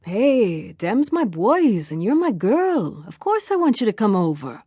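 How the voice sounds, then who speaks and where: Woman reading a young male love interest: warm, coaxing, teasing, low dry voice. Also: expressive, normal speed, no room sound. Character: charming young man, easygoing boyfriend.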